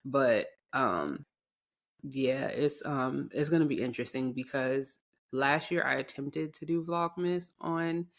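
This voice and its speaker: A woman's voice: a bass voice, slow, gravelly. A woman in her thirties co-hosting a podcast, telling stories in a chatty, slangy way. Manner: chatty, drops slang, animated storytelling. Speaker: podcast co-host. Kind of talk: casual chat.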